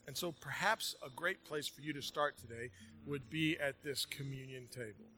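A man's voice: medium pitch, moderate pace, sharp tone, slight background noise. A man preaching a sermon to a congregation, conversational and jokey, building energy and then settling into reading scripture. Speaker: pastor. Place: large room with congregation.

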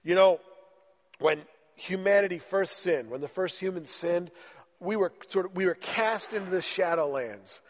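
A man's voice: high-pitched, normal speed, long reverb tail. A man preaching a sermon in church while fighting a cold, in a joking, conversational way. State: has a cold, voice lowered. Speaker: pastor. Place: church sanctuary.

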